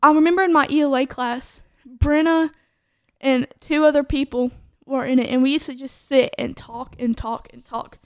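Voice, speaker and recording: Speaking at a normal speed with fairly even intonation, a young-sounding woman recounts her testimony for a podcast. Her high voice wanders chattily, packed with "like" and restarted sentences, and it's captured dry and close without any room echo.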